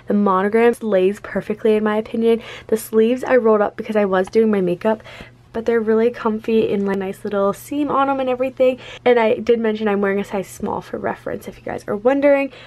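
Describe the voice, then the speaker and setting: A woman's voice: a little high, steady tone, a little fast, darkish tone. A young woman chatting casually to camera in a vlog, bubbly and gushing, often saying "you guys" and "like". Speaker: vlogger.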